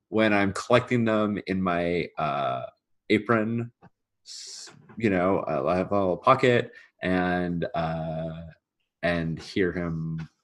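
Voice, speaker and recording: A man's voice: low voice, fairly bright tone. A man talking through a tabletop role-play scene with hesitant, rambling speech. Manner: hesitant, rambling, filler-heavy. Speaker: player.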